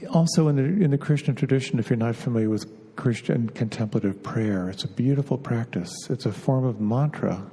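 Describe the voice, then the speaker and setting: A middle-aged man, a meditation teacher, giving an unhurried spiritual talk, pausing and repeating words as he goes. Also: medium pitch, warm tone, slightly rough. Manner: unhurried, halting, often repeats words as he searches. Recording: long reverb of a hall.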